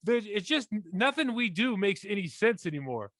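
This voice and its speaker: A man in his forties talks casually about football as a podcast co-host. He tells stories in a blunt, rambling, animated way. His voice sits high and sounds bright and forceful, recorded dry with no room echo. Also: normal speed. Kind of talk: casual sports chat.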